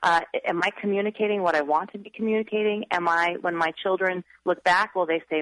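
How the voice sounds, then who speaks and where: A woman's voice: on the low side, fairly even intonation, fast talker, hardly any pauses, fairly bright tone, dry recording, poor audio. A woman author, a guest on a radio interview, earnestly giving upbeat parenting advice.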